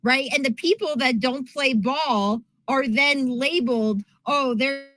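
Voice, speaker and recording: A woman co-hosting a political talk podcast, ranting quickly and repeatedly asking "right?". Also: sits high, a bit bright, rough recording. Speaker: podcast co-host.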